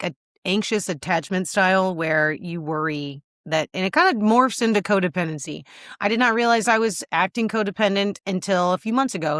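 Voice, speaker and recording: A woman's voice: fairly low pitch, a bit bright, no echo, clean studio sound. Chatty woman podcast host, tearing up. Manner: chatty and candid, lots of "like" and "um". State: teary. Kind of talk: casual solo video check-in.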